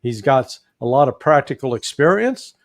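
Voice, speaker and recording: A man with a Midwestern accent, a guest commentator talking politics in a folksy, animated way with joking asides. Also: medium pitch, moderate pace, no echo, studio quality. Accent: Midwestern American.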